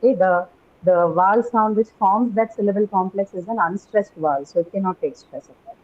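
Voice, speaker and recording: A woman's voice: mid-range voice, fairly quick, narrow, tinny audio, a little hiss or hum. A woman teaching English pronunciation in a class, explaining patiently and often checking in with "right?". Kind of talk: classroom lecture on word stress.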